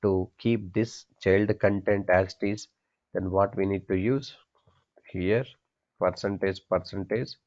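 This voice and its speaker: A programming instructor, a man with a very low, slightly mellow voice, teaches coding in unhurried, steady, ordinary classroom speech. He asks questions of his students and answers them on his own, repeating each key point twice. The sound quality is lo-fi and dull.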